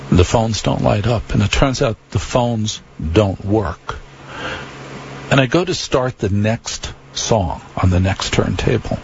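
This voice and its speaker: A man's voice: on the low side, a little slow, vocal fry, lo-fi sound, slight background noise. A man hosting a late-night radio talk show, rambling wryly through a monologue to listeners. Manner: wry, conversational, repeats phone number.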